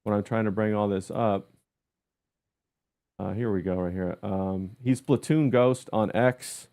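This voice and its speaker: A man hosting a livestream in casual chat, halting with many fillers as he reads the chat aloud. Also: fairly low pitch, gravelly, dark tone. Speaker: livestream host.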